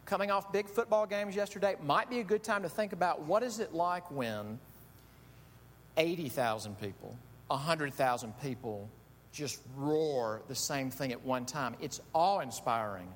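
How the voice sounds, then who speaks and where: A middle-aged man preaching a sermon, telling stories with animated delivery that swings from quiet asides to loud shouts. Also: moderate pace. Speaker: pastor. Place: church sanctuary. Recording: echoey hall with faint rumble.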